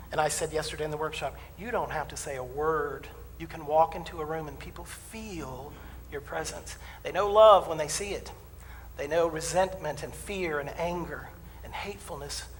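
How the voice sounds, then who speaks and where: A slightly high, somewhat bright male voice comes through with slight background noise as the minister preaches in the church sanctuary. Folksy and humorous, he tells personal stories and mimics voices, recorded from afar in a reverberant hall.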